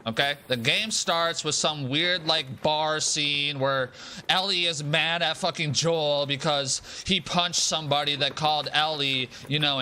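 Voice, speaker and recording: A young man streaming a game, talking in a casual, profane, animated rant and repeating himself for emphasis. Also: fairly high pitch, background noise. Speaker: gaming streamer. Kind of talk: casual live-stream rant while gaming.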